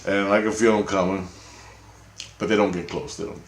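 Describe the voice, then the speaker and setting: Gravelly-voiced man rambling through a story. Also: low-pitched, steady tone, normal speed. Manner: rambling, profane, keeps asking "right?". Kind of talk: casual storytelling monologue. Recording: roomy echo.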